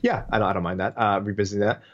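A man's voice: lowish voice, fairly even intonation, very fast, dull audio. A man co-hosting a podcast in casual chat, reading out listener comments and rambling between them.

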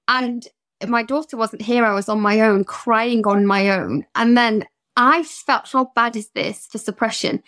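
A woman's voice: a little high, measured pace, a bit bright. A woman therapist with a British accent, speaking candidly and emotionally in a podcast conversation, telling personal stories.

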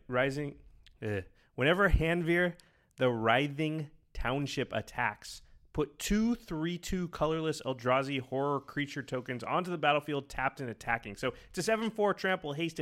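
A man co-hosting a podcast, talking casually, quick and enthusiastic, rambling with restarts. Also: a little high, animated, a bit bright. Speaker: podcast co-host. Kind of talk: casual chat.

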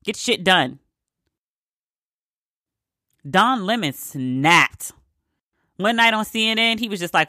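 A woman's voice: medium pitch, lively intonation, measured pace, pushed and bright, dry recording, clean studio sound. A woman ranting in a casual, profane, exasperated way, hammering her points with emphatic repetition. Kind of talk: opinionated casual rant.

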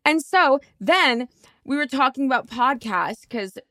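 Animated, swearing woman telling stories. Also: sits high, a little slow, no room sound, clean studio sound. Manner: animated storyteller, swears freely, acts out quotes. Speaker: podcast co-host. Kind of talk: casual chat. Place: in London.

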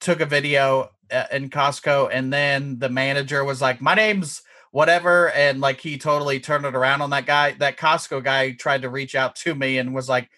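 A man's voice: medium pitch, level tone, moderate pace, few pauses, bright, forceful tone. A male comedian as a podcast guest, chatting in a loose, rambling way and laughing often. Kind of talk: casual interview.

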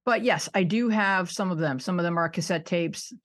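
In a casual interview chat on a podcast, a woman in her 60s from the Buffalo suburbs of upstate New York jokes about herself and laughs often. Her voice sits on the low side at a moderate pace.

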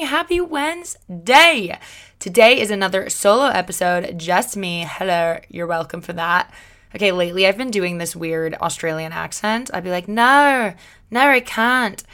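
A woman's voice: fairly low pitch, fairly quick. A woman hosting her own podcast alone, chatting casually in a bubbly, upbeat way and giving encouraging pep talks. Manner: bubbly, chatty and upbeat, with excited loud greetings; encouraging, motivational pep talk. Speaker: podcast host. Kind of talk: solo podcast monologue, casual chat.

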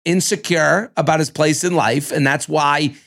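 A man co-hosting a podcast, chatting casually about a reality dating show, animated and cussing, now and then acting out cast members. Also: fairly high pitch, moderate pace, creaky. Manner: animated, swearing, acts out cast members in exaggerated voices. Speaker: podcast co-host. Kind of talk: casual reality-TV recap chat.

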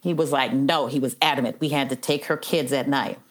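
Low-voiced earnest middle-aged woman. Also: steady tone, fairly quick. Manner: earnest, heartfelt, many "you know" fillers. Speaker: interview guest, probation officer. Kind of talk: conversational storytelling interview.

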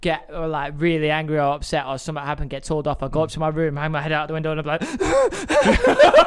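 Give me a high-pitched man cracking jokes in casual podcast chat. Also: smooth. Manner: joking, quick reactions, laughs a lot.

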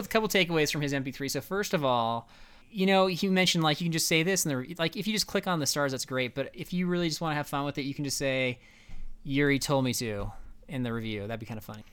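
Smooth-voiced male podcast co-host. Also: a little high, a bit bright. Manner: playful, laughs often. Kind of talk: casual chat.

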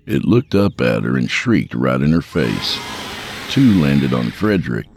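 A man narrating a horror story in a measured, dark storytelling manner. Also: rumbling low, big pitch swings, vocal fry, music in the background. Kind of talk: scripted narration.

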